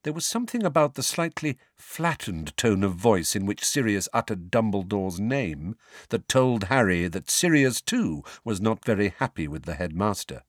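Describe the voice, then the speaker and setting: Lively low-voiced male narrator. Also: moderate pace, no room sound, studio quality. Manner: lively expressive reading. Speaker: audiobook narrator. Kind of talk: scripted narration.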